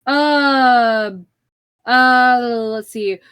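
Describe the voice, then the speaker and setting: A woman's voice: on the high side, fairly even intonation, very slow, fairly bright tone, clean tone, no echo. A woman playing a tabletop game, thinking aloud as a player.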